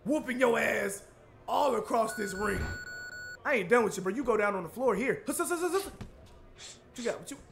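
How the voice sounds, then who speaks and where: Cocky, high-voiced trash-talking gamer. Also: male voice, expressive, fairly quick, creaky, noisy background. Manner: cocky taunting with grunted punch noises. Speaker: gamer streamer. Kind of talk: live trash-talking gameplay commentary.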